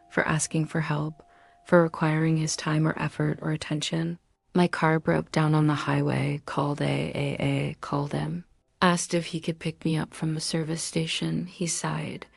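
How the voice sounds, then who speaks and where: A woman telling a personal story in a quiet, subdued first-person confessional narration. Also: low voice, creaky.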